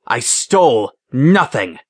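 A man's voice: medium pitch, very animated, slow pace, breathy edge, full character voice. A man reading an audiobook voices a proud, defiant half-blood thief who hisses and snarls his denials. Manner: hissing, defiant.

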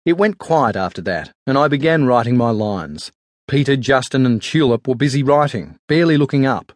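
Man, audiobook narrator, steady even storytelling, mid-pitched voice, dry close studio sound. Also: normal speed, dry recording. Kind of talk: scripted narration.

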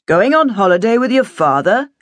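A woman's voice: fairly low pitch, animated, a little fast, dry recording, pitched above the performer's own voice, close to an everyday voice. A woman reading an audiobook, voicing a brash young man who talks in a teasing, offhand way. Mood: mocking. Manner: mocking, offhand.

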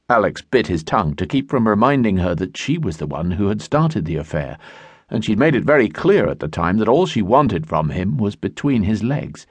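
A man narrating a historical romance audiobook in a measured storytelling voice, recorded in a studio. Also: on the low side, sing-song, slightly rough, no echo. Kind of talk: scripted narration. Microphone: studio mic.

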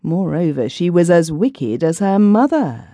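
A woman narrating a children's fairy tale audiobook with clear, expressive storytelling. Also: fairly low pitch, measured pace, dry recording, clean studio sound.

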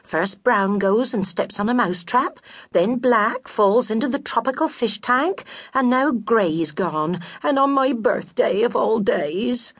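A woman's voice: fairly high pitch, animated, measured pace, slightly rough, dry recording, pitched above the performer's own voice, exaggerated voice. A woman voicing a widowed mother mouse who is gloomy, plaintive and given to homely complaints. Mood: mournful. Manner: sighing, self-pitying, homely turns of phrase.

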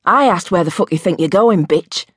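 A woman's voice: on the low side, lively intonation, moderate pace, husky, no room sound, studio quality. A woman voicing a big, threatening street bully with a Northern English accent, sneering as she talks. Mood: menacing.

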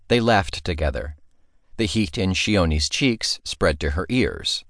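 A man with a low, deep voice narrates an epic fantasy audiobook at a measured storytelling pace. The studio sound is dry and close. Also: very animated, gravelly, fairly bright tone, no echo.

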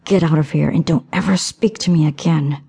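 A woman's voice: low voice, fairly quick, creaky, warm tone, slightly rough, full character voice. A woman voicing a proud young maid who speaks in a restrained, cool, firm way. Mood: cold restraint.

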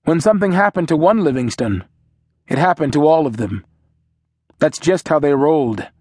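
A man narrating a novel in a measured, steady storytelling manner. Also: on the high side, dry recording, clean studio sound. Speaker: audiobook narrator. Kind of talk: scripted narration.

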